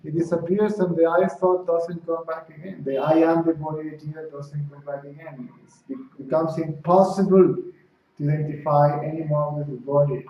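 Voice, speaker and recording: This man's voice is fairly high and mellow, with a steady tone and normal speed, as he leads a satsang for a small group. Like a friendly spiritual teacher, he keeps asking "right?" and "see?" and plays out the dialogue in his stories. Captured far off in an echoey room, the audio is dull, lo-fi and faintly noisy.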